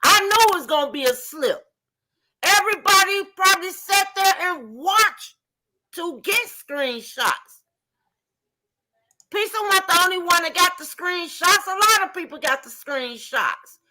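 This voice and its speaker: High, bright-voiced woman arguing passionately. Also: animated, measured pace. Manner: passionate, emphatic, profane. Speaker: live stream panelist. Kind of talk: heated live stream debate.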